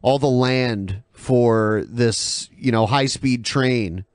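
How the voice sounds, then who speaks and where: A man's voice: medium pitch, slow, no echo. Mocking man with dry close sound. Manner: mocking, laughs between phrases. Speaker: podcast host. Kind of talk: casual podcast banter.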